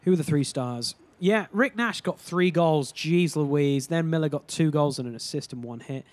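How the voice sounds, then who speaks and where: A man's voice: on the high side, moderate pace, a little mellow, dry recording. A man giving casual let's-play commentary over his hockey game, often exasperated and exclaiming at what happens. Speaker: gaming YouTuber.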